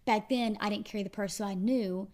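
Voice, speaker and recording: A woman's voice: mid-range voice, fairly even intonation, a little fast, a little mellow. A woman guest, with many fillers and restarts, telling her story casually in an interview. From Arkansas.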